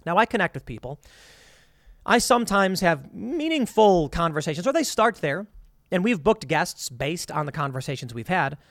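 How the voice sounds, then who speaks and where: A man's voice: high-pitched, very animated, moderate pace, fairly bright tone, dry recording, studio quality. A man hosting his own political commentary show, reading quotes aloud and reacting with sarcasm.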